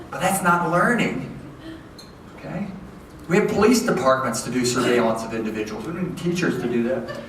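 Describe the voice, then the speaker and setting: A man giving a lively, conversational lecture to educators, often checking in with his audience. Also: fairly high pitch, fast talker. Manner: lively, conversational, keeps checking in with "okay?" and "right?". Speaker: education professor giving a talk. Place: large hall with an audience. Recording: echoey hall from far off, faint noise.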